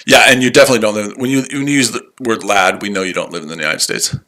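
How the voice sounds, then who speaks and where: Male trading streamer, tired and mocking, bright tense tone. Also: on the low side, racing. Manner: sarcastic, repetitive, combative. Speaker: trading livestream host. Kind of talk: live trading stream, answering chat.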